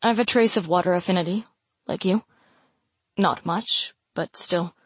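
A woman lowering her voice for a throaty young lover. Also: measured pace, husky, no echo. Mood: tender. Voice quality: deep, throaty. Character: young man, tender, intense, low-voiced lover.

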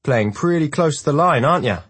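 A man's voice: fairly low pitch, brisk, slightly rough, dry recording. A man voicing a taunting young male squad rival who mocks and sneers. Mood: mocking.

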